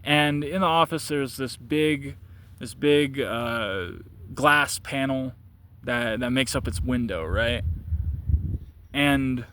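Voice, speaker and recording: Bright, halting male storyteller. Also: medium pitch, a little hiss or hum. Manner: halting, repeats words, chuckles often. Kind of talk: casual first-person storytelling.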